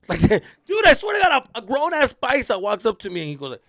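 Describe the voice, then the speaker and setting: Comedian guy rambling a story on his podcast, super animated ups and downs, dry mic, cusses a lot, drops spanish slang. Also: fairly quick, gravelly, no room sound. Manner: animated, acts out quoted people in high voices; profane, mixes in Spanish slang.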